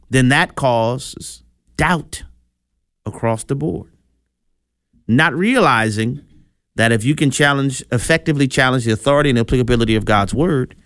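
A man preaching a sermon, in a conversational style with animated asides. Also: mid-range voice, no room sound, studio quality.

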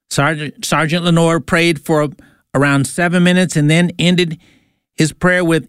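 A man's voice: a little high, flat delivery, measured pace, fairly bright tone, clean tone, no echo, studio quality. A man telling a religious story in earnest, devotional narration.

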